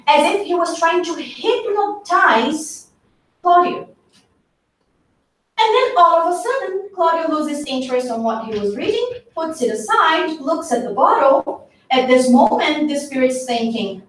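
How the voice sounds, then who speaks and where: High-voiced woman speaking slowly in an echoey hall. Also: lively intonation, a bit bright. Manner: unhurried, conversational, with fillers and self-corrections. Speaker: workshop speaker. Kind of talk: retelling a book story in a talk. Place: meeting hall. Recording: echoey hall, distant mic.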